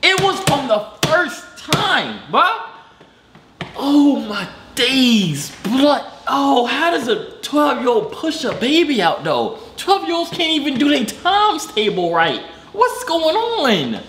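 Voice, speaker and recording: A woman's voice: sits high, sing-song, a little slow, few pauses, a bit bright, roomy sound, a little hiss or hum. A woman reacting to a storytime, cutting in with exasperated, slang-heavy comments. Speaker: reaction host.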